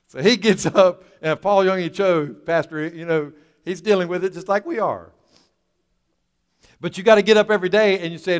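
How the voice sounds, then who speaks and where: A man's voice: high voice, steady tone, clean tone. Emphatic preacher man, echoey hall. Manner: emphatic preaching that swings between loud, drawn-out lines and quiet asides; rhetorical questions to the congregation. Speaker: pastor. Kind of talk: sermon.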